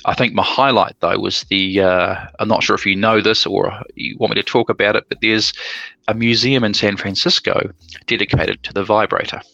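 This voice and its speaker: New zealand guy chatting away, gravelly and bright, dry close sound. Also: on the low side, little pitch movement, moderate pace, dry recording, dull audio. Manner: chatty storyteller, lots of ums. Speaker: guest. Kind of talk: casual chat.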